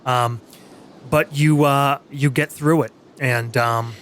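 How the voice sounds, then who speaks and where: A man narrating as game master in a tabletop game, halting and full of fillers and restarts. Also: mid-range voice, steady tone, fairly bright tone, slight background noise.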